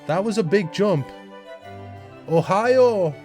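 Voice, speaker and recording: Excitable British man reacting aloud. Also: on the high side, normal speed, soft background music. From United Kingdom. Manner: animated, exclaiming and asking questions aloud. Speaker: reaction video host. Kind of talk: casual reaction commentary.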